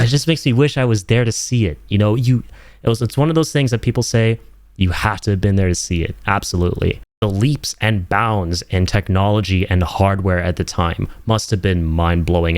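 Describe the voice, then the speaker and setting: A man's voice: fairly low pitch, no echo, clean studio sound. A young man giving an enthusiastic, emphatic video game review in casual, slangy talk.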